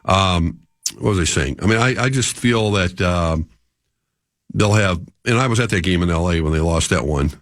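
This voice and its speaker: A man's voice: deep voice, normal speed, fairly bright tone, dry recording, clean studio sound. A man with a cold and a cough, talking as a guest analyst on sports radio, hesitant but holding his view. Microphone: studio mic.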